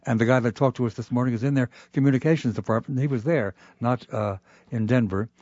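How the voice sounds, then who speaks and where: Measured radio host, dry wry man. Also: mid-range voice, a little mellow, dry recording, muffled recording. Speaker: radio talk show host. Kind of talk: call-in radio talk.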